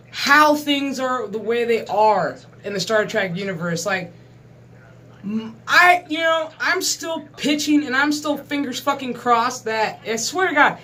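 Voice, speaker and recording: A man's voice: very high voice, animated, unhurried, bright, forceful tone. Profane, ranting man in his thirties. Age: 30s. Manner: profane, exasperated, emphatic. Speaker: gaming channel host. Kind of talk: casual ranting monologue.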